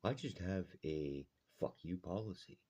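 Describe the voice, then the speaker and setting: Very low raspy man, heated and blunt, swears a lot. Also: animated, unhurried, mellow. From Alberta, Canada. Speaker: vlogger. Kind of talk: angry rant to camera.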